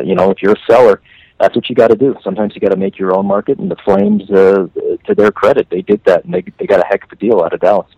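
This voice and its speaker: A man from Canada talking hockey on a podcast, animated and full of restarts, his pitch leaping on stressed words. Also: creaky, no room sound, highs cut off. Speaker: hockey writer guest. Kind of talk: casual podcast chat.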